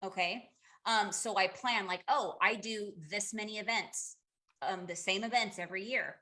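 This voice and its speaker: A woman's voice: medium pitch, steady tone, moderate pace, pushed and bright. A woman in her thirties leading a casual group coaching call, chatty and candid, with lots of fillers and restarts. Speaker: direct sales team leader.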